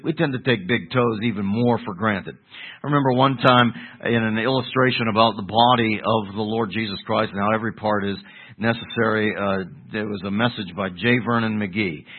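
An older man, a pastor, teaching a Bible sermon, putting questions to the congregation and answering them himself. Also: fairly low pitch. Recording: tinny phone-like radio broadcast.

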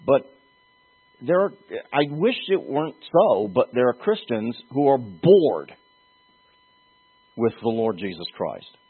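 Slow, husky-voiced male preacher. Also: mid-range voice, big pitch swings. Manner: earnest, emphatic preaching with pauses and restarts. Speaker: pastor. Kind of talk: sermon. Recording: tinny phone-like lo-fi sound.

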